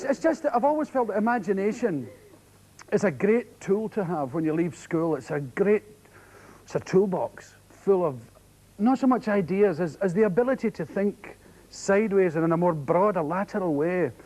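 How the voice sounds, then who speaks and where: A Scottish man doing a stand-up storytelling set, lively and animated, often mimicking others in sharp high voices. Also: low-quality recording. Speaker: comedian. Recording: 1980s TV audience show, loud crowd and noise. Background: loud audience laughter.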